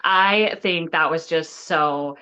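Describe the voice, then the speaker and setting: A woman's voice: deep voice, slow, pushed and bright, clear, resonant tone. A woman, a fan guest, recalling a moment with emotion, near tears. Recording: dull lo-fi recording.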